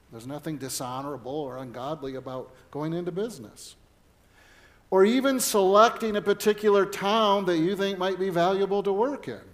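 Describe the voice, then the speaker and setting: High-voiced middle-aged preacher man. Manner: earnest preaching mixed with personal storytelling. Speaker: pastor. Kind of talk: sermon.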